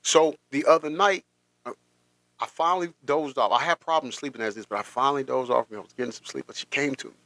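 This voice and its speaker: A man hosting a podcast, telling a personal story in a halting, emotional way with many restarts. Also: medium pitch, pushed and bright, no echo. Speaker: podcast host.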